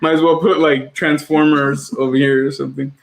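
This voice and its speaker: A man's voice: a little high, little pitch movement, fairly quick, vocal fry, low-quality recording. A man co-hosting a casual livestream podcast from home, rambling and laughing often. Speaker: podcast co-host.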